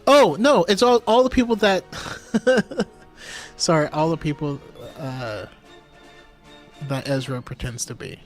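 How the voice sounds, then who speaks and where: Easygoing male co-host, high voice, slow, faint music. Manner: easygoing, laughs often. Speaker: podcast co-host. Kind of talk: casual chat.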